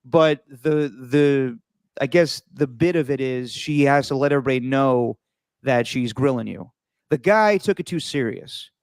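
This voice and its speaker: A man hosting a podcast, telling a travel story in a casual, animated way with frequent restarts. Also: mid-range voice, measured pace, dry recording. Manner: animated, repeats words and restarts while telling stories. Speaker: podcast host.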